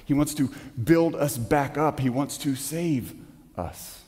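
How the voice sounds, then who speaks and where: A man preaching a sermon as pastor in a church, emphatic, asking rhetorical questions and dropping suddenly to a hush. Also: mid-range voice, expressive, takes it slowly. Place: church sanctuary. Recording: long hall reverb.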